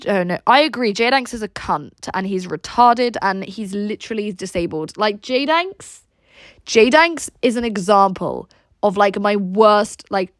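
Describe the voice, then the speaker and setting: A woman's voice: medium pitch, dry recording. Blunt English-accented woman, very dry sound. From Russia. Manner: blunt, crude and rambling, with many "like" fillers. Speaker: livestreamer. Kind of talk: casual livestream chat, reacting to viewer messages.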